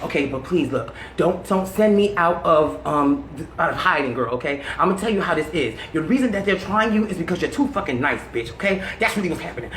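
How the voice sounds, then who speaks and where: Blunt, animated woman in an echoey room. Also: low voice, brisk, few pauses, a little hiss or hum. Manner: animated, blunt and slangy, laughing often. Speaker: interviewee telling stories. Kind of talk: candid storytelling interview.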